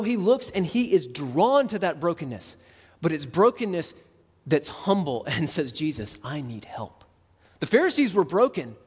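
A man preaching a sermon as a pastor, conversational and animated, acting out quick asides. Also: fairly high pitch, slightly rough, in a large hall.

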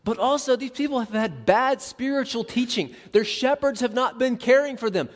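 A man preaching a sermon as a pastor, conversational and animated, acting out quick asides. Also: very high-pitched, big-room sound.

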